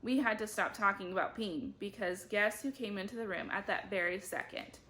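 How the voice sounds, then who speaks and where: A woman reading a children's chapter book aloud, lively, with big jumps in her voice as she voices the children and teachers. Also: mid-range voice, fairly quick. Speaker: book club reader.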